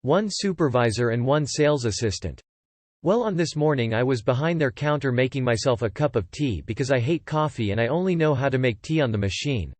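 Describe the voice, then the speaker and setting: A man's voice: mid-range voice, animated, brisk, no room sound. A man reading stories in a dry, close voice. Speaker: story reader. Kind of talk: scripted narration.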